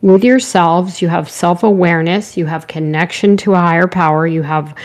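Hosting a spiritual show on a live stream, a woman speaks at a normal speed in a fairly low, slightly hoarse voice. Her talk rambles gently, and she welcomes viewers by name.

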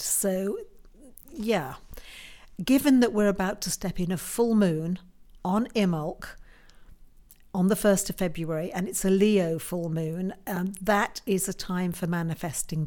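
Croaky woman hosting a live show. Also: lowish voice, a little mellow. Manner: chatty, self-mocking, laughs often. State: croaky voice after flu. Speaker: host of a tarot and astrology show. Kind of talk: casual live-stream chat.

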